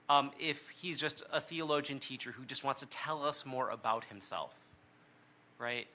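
Middle-aged guy giving a casual sermon, kinda high voice, lots of um and right. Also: normal speed, bright, forceful tone. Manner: earnest, conversational, frequent "um" and "right?". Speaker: speaker on prayer. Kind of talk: conversational sermon talk.

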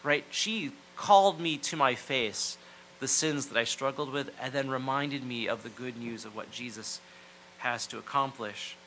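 A man preaching a sermon, earnest and reflective, often dropping to a near hush to stress a point. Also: medium pitch, unhurried, a little hiss or hum, poor audio. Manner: earnest, reflective, drops to near-hushed phrases for emphasis.

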